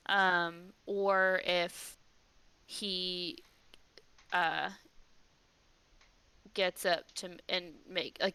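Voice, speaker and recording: A woman's voice: medium pitch, pushed and bright, clean tone, poor audio. A woman player in a tabletop game, talking hesitantly with lots of ums as she plans her move. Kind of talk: casual tabletop play.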